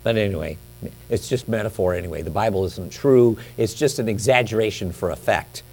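A man preaching a sermon, teaching from the Bible in a conversational way with chatty asides, then slowing down to read scripture with emphasis. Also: on the low side, vocal fry, a little mellow. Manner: builds to emphatic, drawn-out scripture reading. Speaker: pastor.

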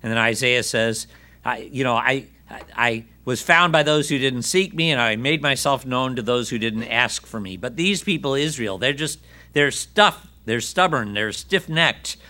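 A man delivering a sermon in a bright, forceful voice. He reads scripture aloud and acts out the voices in it. He turns often to his listeners with questions. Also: medium pitch, normal speed. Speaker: preacher.

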